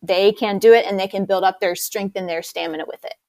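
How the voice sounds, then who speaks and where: A woman's voice: medium pitch, fairly even intonation, quick pace, a little mellow, dry recording. A woman fitness instructor explaining her method in a casual interview, enthusiastic and chatty.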